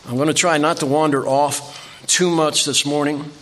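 An older male preacher tells folksy stories from the pulpit, circling back and repeating phrases for emphasis. His voice is bright and forceful, sitting a little high for a man. He speaks to a church congregation. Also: steady tone, normal speed. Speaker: visiting preacher. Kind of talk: sermon.

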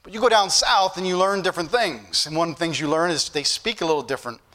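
A man's voice: a little high, fast, pushed and bright. A man preaching a sermon as pastor, folksy and joking at times, then building to emphatic points. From northern United States.

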